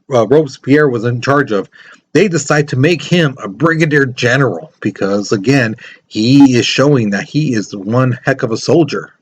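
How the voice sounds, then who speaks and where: A man teaching a history lesson in a casual, conversational way, full of asides and fillers. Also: medium pitch. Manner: conversational, many fillers like "you know" and "things like that". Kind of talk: casual classroom lecture.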